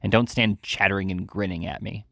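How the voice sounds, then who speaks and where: A man doing a snarling, ill-tempered ruffian laid up in bed. He growls and snaps, low and gravelly. The storybook reading sits dry and close. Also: fairly even intonation, brisk, bright, forceful tone, dry recording, heavily acted. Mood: surly. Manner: growling, savage, impatient. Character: surly, violent sick man, growling.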